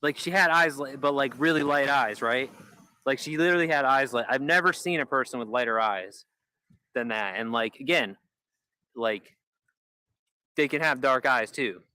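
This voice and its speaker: A man's voice: medium pitch, moderate pace, long pauses, bright, forceful tone, clean tone, no room sound, clean studio sound. A man live-streaming in rambling casual chat, full of "like" fillers and restarts. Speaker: livestreamer.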